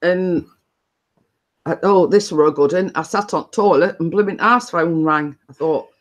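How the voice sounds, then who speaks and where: A woman's voice: fairly low pitch, unhurried. A Northern English woman hosting a casual home live stream, chatting in long, rambling stories full of dialect phrasing.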